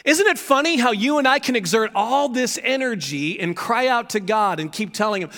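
A man preaching a sermon as pastor, animated, acting out shouted pleas from the story. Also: very high voice, normal speed, few pauses, in a large hall.

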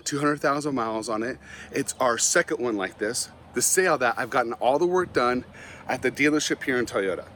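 Animated, self-mocking man speaker. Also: medium pitch, a little hiss or hum. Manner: self-mocking, often laughs at his own stories. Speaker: Christian motivational speaker. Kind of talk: humorous storytelling talk.

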